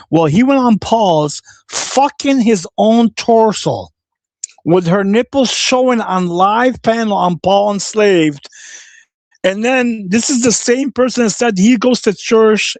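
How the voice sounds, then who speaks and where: A man's voice: sits high, lively intonation, measured pace, darkish tone, no room sound. A man hosting a livestream, ranting angrily and cursing, repeating his insults and reading viewer comments aloud. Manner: profane and combative, repeats insults. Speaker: livestream host. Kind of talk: angry livestream rant.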